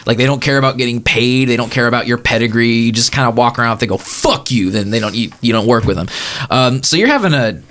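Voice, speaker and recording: A man's voice: mid-range voice, fast, a bit bright. A man narrating as game master in a rambling way, often laughing at his own jokes.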